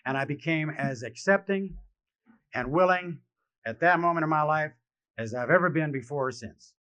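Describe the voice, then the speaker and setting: A man giving a live personal testimony speech at a convention, wry and self-mocking, growing halting and emotional with many restarts. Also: on the high side, bright, forceful tone. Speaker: speaker sharing his recovery story. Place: convention hall. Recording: dull lo-fi archival recording.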